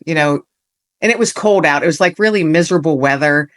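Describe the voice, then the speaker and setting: A woman's voice: fairly low pitch, quick pace, fairly bright tone. A middle-aged woman, a podcast guest, telling a personal story in an earnest, heartfelt way and acting out the lines people said. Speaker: podcast guest, author and veteran.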